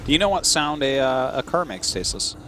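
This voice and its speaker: A man commentating a live game, trading dry jokes and quick analysis. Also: medium pitch, very animated, sharp tone. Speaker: esports commentator.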